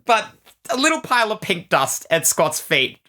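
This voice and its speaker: A woman co-hosting a podcast in casual comic chat, animated and full of quick jokes. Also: mid-range voice. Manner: animated, joking, quick asides. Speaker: podcast co-host.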